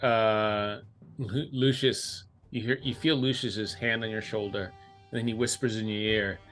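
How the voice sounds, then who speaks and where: A man's voice: lowish voice, steady tone, measured pace, a bit bright, faint music behind. A man playing a tabletop game, laid-back and hesitant as he declares actions. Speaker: player. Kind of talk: casual tabletop play.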